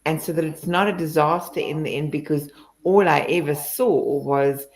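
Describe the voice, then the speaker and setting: A woman's voice: low voice, fairly even intonation, moderate pace, darkish tone, rough recording. A woman hosting an interview, reflective and affirming. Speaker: host. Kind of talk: conversational interview.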